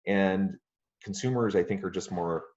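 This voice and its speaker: A man hosting a podcast interview, speaking in a polite, measured way with frequent ums. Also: low voice, darkish tone. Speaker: podcast host. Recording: muffled lo-fi audio.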